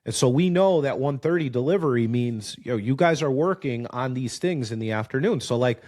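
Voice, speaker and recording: Repair shop owner guy on a podcast, middling voice, animated, swears a lot, does the voices of people in his stories. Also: mid-range voice, fairly quick. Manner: animated storyteller, swears freely, acts out quoted people. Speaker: auto repair business owner, podcast guest. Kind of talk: casual conversation.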